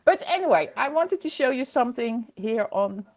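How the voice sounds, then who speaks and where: A woman chats through a casual livestream from home, greeting viewers by name and laughing as she goes. Her voice sits high, and she speaks into a computer microphone. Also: animated, moderate pace, darkish tone. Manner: chatty, reads viewer comments aloud, laughs often. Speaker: livestream host.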